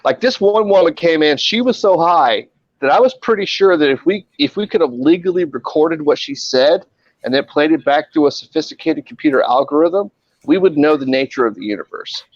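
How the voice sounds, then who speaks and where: A lively, swinging man's voice tells wild hospital stories in a loose group chat, swearing and acting out patients. The sound is dry and close, a little dull in the highs. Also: brisk, dry recording. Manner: animated, swearing, acts out voices in his stories. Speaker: hospital emergency room worker. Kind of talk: casual group chat, storytelling.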